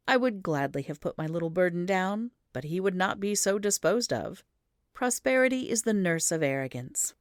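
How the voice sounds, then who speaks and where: A woman reads an audiobook in a low, steady voice. Her storytelling is measured and even, and the recording is dry and close with no room sound. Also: no room sound. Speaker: audiobook reader. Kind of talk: audiobook narration.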